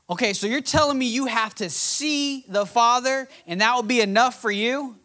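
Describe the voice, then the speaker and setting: A man's voice: extremely high pitch, normal speed, few pauses, sharp tone. A man preaching a sermon, reading scripture aloud and building to emphatic, passionate points. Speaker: pastor.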